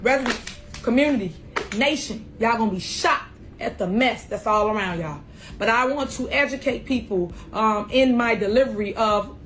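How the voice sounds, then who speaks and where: Woman talking to camera for her podcast, high voice, slow drawn out, kinda defiant. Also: a bit bright. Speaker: podcast host and local official. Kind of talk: direct-to-camera video address.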